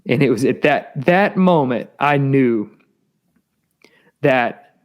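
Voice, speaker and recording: A man earnestly telling a personal testimony in an interview, halting and repeating words, his voice rising as he gets intense. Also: mid-range voice, expressive. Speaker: guest sharing testimony.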